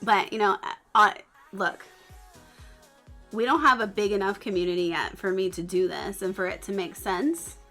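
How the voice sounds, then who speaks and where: A woman's voice: medium pitch, moderate pace, bright, forceful tone, soft background music. A young woman from the Bay Area with a Northern Californian accent, chatting casually and giggling on a livestream, with lots of "like". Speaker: streamer.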